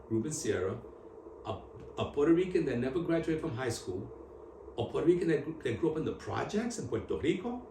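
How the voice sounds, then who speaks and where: A man telling his story on camera in an interview, in animated street slang with Spanish mixed in. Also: mid-range voice, far from the mic. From New York. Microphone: camera at a distance. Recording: echoey room, voice from off-mic, faint hum.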